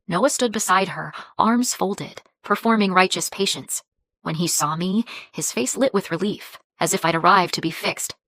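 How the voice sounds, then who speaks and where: A woman narrating a first-person story in a measured, even way. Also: on the low side, no room sound.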